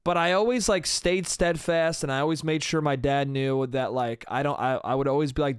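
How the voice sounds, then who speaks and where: Young male comic, solo podcast ramble, raised pitch, dead-dry close mic, loose and profane. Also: moderate pace, hardly any pauses, clean tone, dry recording. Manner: rambling, casual, swears a lot, trails off with "I don't know". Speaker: podcast host. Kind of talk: solo comedic podcast monologue.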